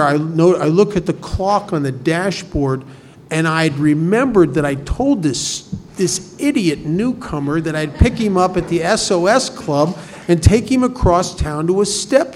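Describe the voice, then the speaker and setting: A man's voice: a little high, darkish tone, a little hiss or hum. A middle-aged man giving a personal testimony to a recovery group, plainspoken and earnest, with frequent restarts. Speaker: recovery meeting speaker.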